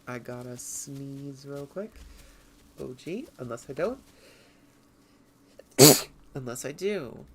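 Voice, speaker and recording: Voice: mid-range voice, fairly bright tone, slight background noise. A streamer chatting nerdily through a livestream of a game, rambling with giggles at a home setup. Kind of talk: livestream gameplay commentary.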